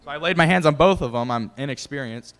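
A man's voice: a little high, quick pace, fairly bright tone, in a large hall. A man giving a casual, rambling testimony about faith and preaching, full of fillers and restarts. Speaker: lay preacher.

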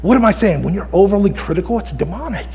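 A middle-aged male pastor preaching a sermon, swinging from hushed, intense passages to loud, shouted exhortation. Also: high voice, lively intonation, quick pace, long reverb tail, rough recording.

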